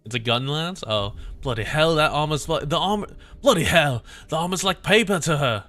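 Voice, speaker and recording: A young man reading a game story aloud on a stream and breaking off into playful, quick asides. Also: on the high side, expressive, fairly bright tone, faint music behind.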